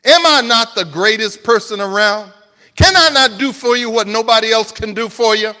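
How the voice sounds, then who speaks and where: A man's voice: high voice, animated, moderate pace, sharp tone, long reverb tail, voice pushed up. A preacher voicing an indignant ancient king. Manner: indignant, demanding, self-pitying questions. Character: proud angry ancient king, wounded ego.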